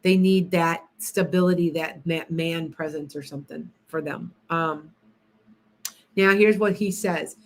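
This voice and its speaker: A woman with a somewhat low-pitched voice hosts a casual psychic livestream. She chats loosely with viewers, calling them by name and often breaking off to restart her sentences. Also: steady tone, a little slow. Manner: chatty, addresses viewers by name, trails off in restarts.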